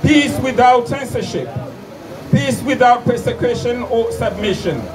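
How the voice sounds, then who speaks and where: A man from Comoros delivering a political speech at an outdoor protest, denouncing injustice and often restarting his phrases. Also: very high voice. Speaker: protest speaker. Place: outdoor city square at a street protest. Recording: distant mic, loud outdoor street noise with traffic.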